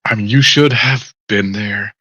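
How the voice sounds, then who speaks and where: A man's voice: on the low side, measured pace, sharp tone, breathy edge, dry recording. Laughing male tabletop player. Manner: casual, laughing often. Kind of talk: playing a tabletop game.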